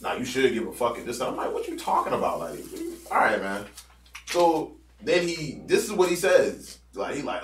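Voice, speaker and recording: A man's voice: mid-range voice, sing-song, moderate pace, slight background noise. A man co-hosting a podcast, telling a workplace story in casual chat, swearing and acting out what people said. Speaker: podcast host. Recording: roomy sound from a distant mic.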